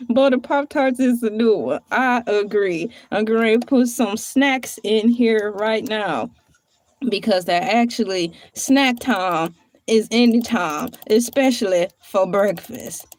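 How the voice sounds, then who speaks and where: A woman's voice: a little high, slow pace, darkish tone, no room sound. A woman hosting a casual livestream, chatty and playful, who laughs often and drifts from one topic to the next. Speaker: livestream host.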